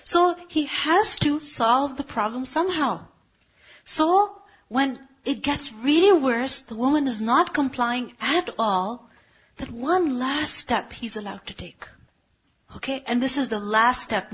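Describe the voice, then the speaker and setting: A woman gives a religious lecture, explaining point by point and asking rhetorical questions. Her voice sits fairly high and sounds husky. The recording is dull and lo-fi. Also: lively intonation, measured pace, fairly bright tone. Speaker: religious teacher.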